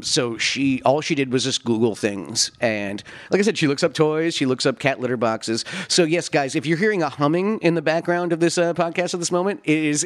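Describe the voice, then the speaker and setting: A man's voice: medium pitch, dry recording. A man who is an actor and a guest on a casual podcast, rambling with many fillers and laughing often.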